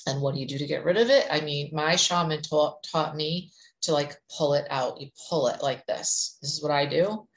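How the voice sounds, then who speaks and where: A woman's voice: sits low, normal speed, rough recording. A woman giving casual spiritual advice to viewers, chatty and rambling, often checking in with "right?".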